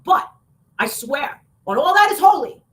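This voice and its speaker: A woman talking in a heated, casual rant, swearing often and breaking into loud outbursts. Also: sits high, sing-song, a little slow. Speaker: online show guest.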